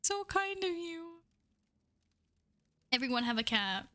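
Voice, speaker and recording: A young woman streaming live, chatting excitedly with her viewers, swearing and laughing often. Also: extremely high pitch, slow, no room sound. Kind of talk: casual live-stream chat.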